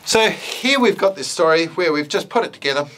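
A man's voice: fairly high pitch, expressive, a little fast, noisy background. A male educator giving an informal talk on using puppets in teaching, playful and full of fillers and hesitations, then telling a simple story.

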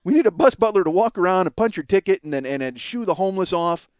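High-pitched and animated, this middle-aged podcast host talks quickly with a darkish, clean tone, recorded dry. His monologue is a profane, ranting comedic ramble full of self-mockery aimed as much at himself as at others.

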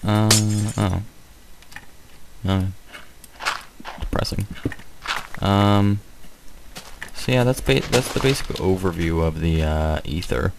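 A man giving casual, hesitant commentary while showing a game mod, with many pauses and fillers. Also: deep voice, fairly even intonation, vocal fry, noisy background. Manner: hesitant, many ums, rambling.

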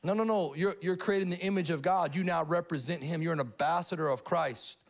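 Middle-aged male pastor with a high-pitched voice, preaching live with animated call-and-response energy. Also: fairly quick, vocal fry. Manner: animated, asks the congregation questions. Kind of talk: live sermon. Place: church sanctuary.

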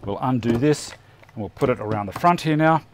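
Working at his bench during a live woodworking demonstration, this middle-aged Australian host talks casually, pokes fun at himself, and thinks out loud. He speaks in a mid-range, expressive voice at a slightly fast clip, and the background is noisy.

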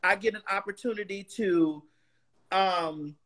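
Bright-voiced woman, emphatic talk-show guest. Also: mid-range voice, unhurried. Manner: emphatic, restarts words, Southern slang; preacher-like, cites scripture. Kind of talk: casual interview chat.

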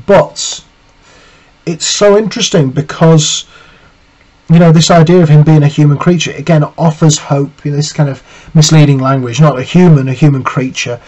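A man's voice: a little high, fairly even intonation, normal speed, darkish tone, rough recording. A male teacher giving a literature lesson, reading quotes aloud and analysing them, with frequent fillers and restarts. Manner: thoughtful, frequent "you know" fillers and restarts.

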